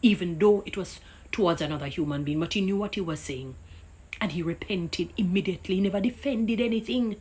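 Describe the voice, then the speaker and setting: A woman's voice: lowish voice, brisk, darkish tone, breathy edge. A woman with a Jamaican accent delivering an impassioned, indignant opinion rant that preaches and cites scripture. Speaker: commentator.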